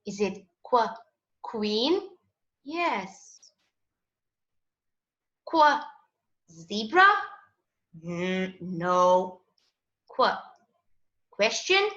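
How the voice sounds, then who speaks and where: Slow, bright-voiced woman teaching phonics. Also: mid-range voice, sing-song. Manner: slow, patient, sing-song teaching voice. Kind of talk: children's phonics lesson. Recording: echoey, dull lo-fi room sound.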